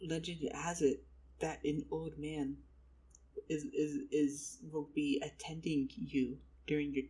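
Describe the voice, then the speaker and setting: A brash exiled goblin princess who curses at everything and brags about revenge, done by a storyteller. The voice is husky and breathy, full of swagger. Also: medium pitch, flat delivery, takes it slowly, mellow. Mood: conspiratorial. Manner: swearing, boastful, cocky. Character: brash exiled goblin heiress, foul-mouthed young woman.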